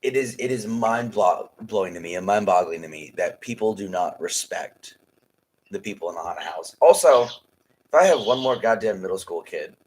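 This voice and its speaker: A man's voice: on the low side, expressive, moderate pace, poor audio. A man co-hosting a casual podcast, talking emphatically and bluntly, with plenty of swearing. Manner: emphatic, blunt and profane, ranting. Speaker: podcast co-host and haunted house scare actor.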